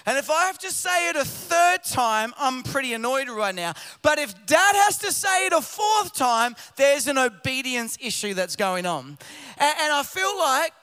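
High bright-voiced preacher in a big hall. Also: male voice, big pitch swings, normal speed. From Australia. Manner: swings between loud emphatic preaching and quiet low passages. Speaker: pastor. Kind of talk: sermon. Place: large church auditorium. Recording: long hall reverb from a church.

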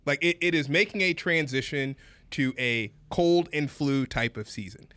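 Emphatic talk show man, bright tone. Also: on the high side, normal speed, no echo. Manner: emphatic, repeats himself, conversational. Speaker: host. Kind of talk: casual political chat.

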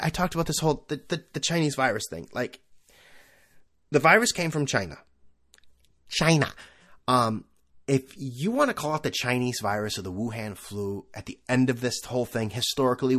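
A young man talks alone on his podcast in a loose, rambling way. His pitch swings widely as he jumps between topics, and he keeps undercutting himself with sarcastic jokes. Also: lively intonation, normal speed, a bit bright. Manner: rambling, self-mocking, sarcastic asides. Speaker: podcast host. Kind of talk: casual solo podcast monologue.

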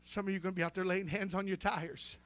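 High, bright-voiced preaching man. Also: steady tone, fast talker. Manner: fervent preaching with restarts and calls of amen. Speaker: pastor. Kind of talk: sermon.

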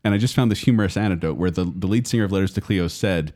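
A man co-hosting a film podcast, arguing back in a quick, playful way. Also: low-pitched, a little mellow. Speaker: podcast co-host. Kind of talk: casual film discussion.

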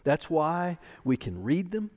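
A man's voice: a little high, big pitch swings, takes it slowly, darkish tone, long reverb tail. A man preaching a sermon as pastor, emphatic and repeating key phrases for stress. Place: church sanctuary.

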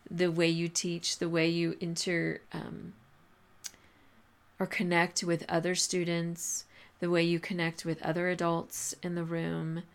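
A woman hosting a podcast, giving teachers casual advice in a chatty, filler-heavy way and laughing often. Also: on the low side. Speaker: podcast host coaching teachers.

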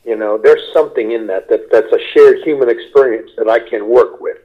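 An older man from Kentucky, a comedian guest, telling stories at an easy, unhurried pace. His voice sits in a middle pitch. The audio is dull and lo-fi. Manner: unhurried anecdotes, mimics people in quotes. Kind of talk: relaxed storytelling interview.

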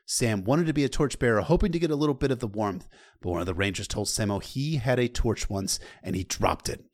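A man's voice: medium pitch, lively intonation, brisk. A man retelling a novel's chapter in a loose, conversational way, with casual asides to the listener. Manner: loose and conversational, with occasional profanity. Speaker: storyteller.

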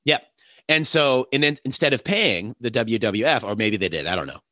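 A man's voice: mid-range voice, expressive, moderate pace, pushed and bright, no echo, studio quality. A man hosting a casual podcast chat, joking and swearing freely, his throat congested with phlegm. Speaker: podcast host.

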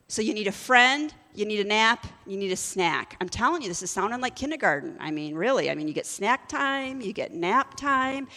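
A woman's voice: mid-range voice, animated, brisk, bright, forceful tone, big-room sound. A woman preaching a sermon, mixing scripture reading with casual, joking asides. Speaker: pastor.

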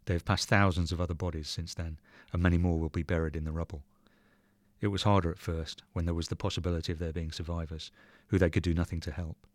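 A man reading a short story aloud in measured, even narration. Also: low-pitched, no echo. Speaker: reader.

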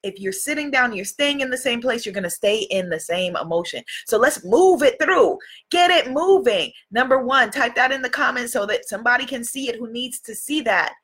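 Woman, high voice, bright tone, live coaching, warm, encouraging, repeats phrases. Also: animated, normal speed, breathy edge. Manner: warm, encouraging, greets viewers by name. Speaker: livestream coach.

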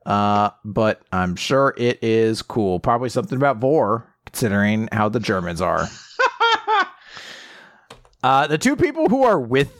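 A man casually recapping a story chapter on a podcast, animated and swearing, popping into quick funny voices for the characters. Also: lowish voice, no room sound, studio quality.

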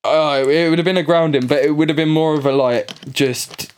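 A man's voice: fairly high pitch, a little fast, clear, resonant tone. A young man, hosting a podcast and telling a story in casual chat, laughing and acting out the voices of the people in it. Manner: animated storyteller, laughing, slangy, acts out voices. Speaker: podcast host.

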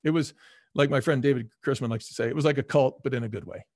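A middle-aged man, a former restaurant executive, telling stories as an interview guest in an energetic, emphatic way. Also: medium pitch, quick pace. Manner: energetic, emphatic, acts out quoted people. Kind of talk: casual storytelling in a podcast interview.

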